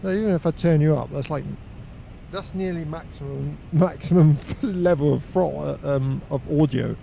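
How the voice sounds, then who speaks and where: Bloke streaming a flight sim, chatty and laughing, gravelly, mellow tone, bit of faint hiss behind. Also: male voice, fairly high pitch, moderate pace, muffled recording. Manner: chatty, laughs easily, uses slangy exclamations. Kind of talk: casual live-stream chat.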